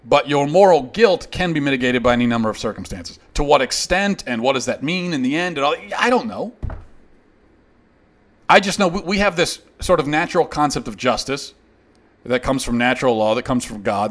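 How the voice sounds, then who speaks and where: Male host, opinion monologue; heated, emphatic, sarcastic, mid-pitched voice. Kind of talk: opinion monologue answering a critic.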